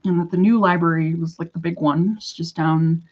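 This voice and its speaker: A woman's voice: on the low side, normal speed. Chatty woman telling a story, lo-fi. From western Canada. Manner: animated, chatty, full of "like" and quoted dialogue. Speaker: vlogger. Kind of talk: casual storytelling. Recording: dull lo-fi recording.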